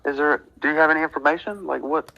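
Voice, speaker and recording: A man caller asking a quick, halting question. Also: on the high side, gravelly, bright, forceful tone, dull audio.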